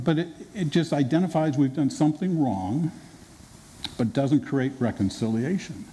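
Animated preacher man in an echoey hall. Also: on the high side. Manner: conversational, animated, acts out quotes. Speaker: pastor. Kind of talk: sermon. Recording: reverberant hall with faint noise.

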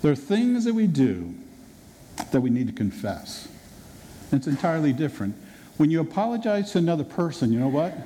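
A male pastor preaching a sermon in a conversational, animated way, acting out quotes, recorded in a reverberant hall. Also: on the high side, brisk, pauses often. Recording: reverberant hall with faint noise.

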